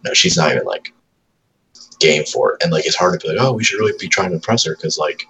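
Deep-voiced dad telling profane stories. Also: male voice, quick pace, sharp tone, low-quality recording. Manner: profane storytelling, acts out his toddler's lines. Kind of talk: casual chat.

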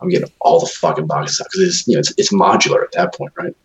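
Deep-voiced man, profane and rambling. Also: big pitch swings, fast talker, vocal fry, rough recording. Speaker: new homeowner. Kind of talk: casual chat.

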